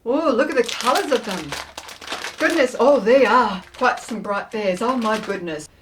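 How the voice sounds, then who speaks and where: A woman vlogger chatting her way through a taste test, expressive and playful, thinking aloud as she tries each snack. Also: a little high, moderate pace, background noise. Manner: playful, with frequent laughs.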